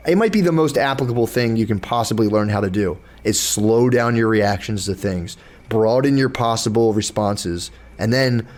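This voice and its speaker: A man's voice: mid-range voice, darkish tone. A young man hosting a podcast, talking loosely with many restarts and curse words, acting out inner thoughts as he explains. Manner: loose, rambling, profane, with frequent restarts and acted-out inner dialogue. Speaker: podcast host. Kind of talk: casual podcast chat.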